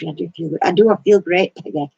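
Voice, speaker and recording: A woman's voice: on the low side, fairly quick, creaky, dark tone, breathy edge, no room sound, lo-fi sound. A woman hosting a casual live stream for her craft channel, talking in a rambling, hesitant way with many fillers.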